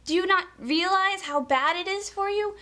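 A woman's voice: very high voice, moderate pace, pushed and bright. A young woman venting her pet peeves to camera in a casual, exasperated way. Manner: exasperated, mocks others in quoted voices. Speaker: vlogger.

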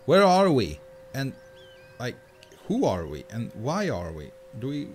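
A man hosting a let's-play, reacting excitably, swearing casually and chattering to the creature in the game. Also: mid-range voice, measured pace, soft background music. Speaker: gaming channel host.

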